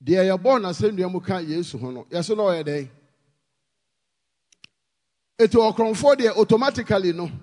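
A man with a Ghanaian accent preaching a sermon, pleading with the congregation and rising to shouted emphasis. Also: sits high, expressive, moderate pace, long pauses, in a large hall.

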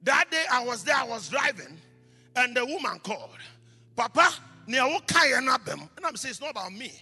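A man delivers a sermon in a very high, bright voice. He moves from quiet scripture reading to loud shouted blessings, switching between English and Twi. His voice rings through a reverberant church hall over faint music. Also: sing-song, brisk, slightly rough. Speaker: pastor.

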